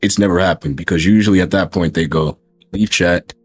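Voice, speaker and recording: Male stream host, low husky voice, talks in emphatic repeated questions. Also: fairly even intonation, fairly quick, soft background music. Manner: emphatic, repeats rhetorical questions, swears freely. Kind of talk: casual stream chat.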